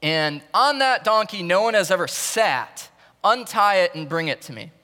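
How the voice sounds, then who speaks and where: A man preaching a sermon in a conversational way. He repeats words and swings between loud emphasis and quiet stretches. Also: sits high, animated, normal speed, long reverb tail. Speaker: pastor.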